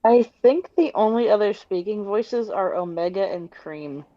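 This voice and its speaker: A woman's voice: medium pitch, expressive, a little slow, lo-fi sound. A woman joining casual comedic chat on a podcast.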